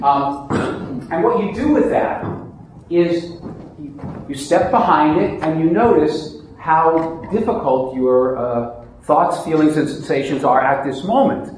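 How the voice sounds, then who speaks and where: Male meditation teacher, calm explainer, slightly raised pitch; very reverberant room, light background noise. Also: takes it slowly. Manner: calm, explanatory, with frequent restarts. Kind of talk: teaching a mindfulness class. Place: classroom or meditation hall. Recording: very echoey room, faint noise.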